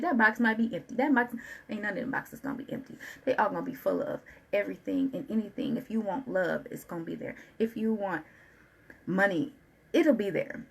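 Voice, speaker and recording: A woman giving a channeled tarot reading, talking in an animated, colloquial way and repeating phrases in a preaching rhythm. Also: mid-range voice, a little fast, vocal fry, husky, low-quality recording. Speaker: tarot reader.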